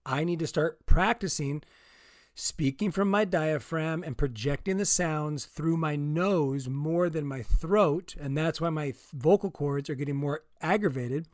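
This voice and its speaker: A man's voice: fairly high pitch, measured pace, no room sound, clean studio sound. A man with a sore throat chatting casually, teasing and easygoing. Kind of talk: casual chat.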